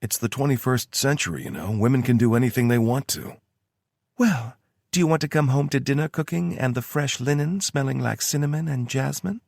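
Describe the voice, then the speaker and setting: A playful young woman with a Kentucky accent teases her lover, bright and high, bouncing between mock seriousness and fun, as a male narrator puts her on. The voice is slightly husky and dry, read close to the mic. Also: animated, fairly quick, no room sound. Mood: teasing. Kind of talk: audiobook character voice.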